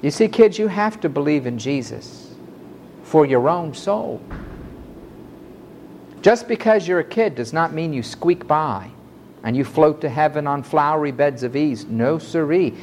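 A man preaching a fiery sermon to a congregation, swinging from loud outbursts to low, quiet asides. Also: lively intonation, measured pace, slight background noise. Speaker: pastor.

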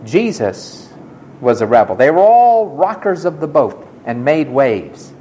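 Animated, emphatic male preacher. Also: a little high, a little slow, a little hiss or hum. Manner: emphatic, dramatic, acts out quoted speakers. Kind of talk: sermon with personal story.

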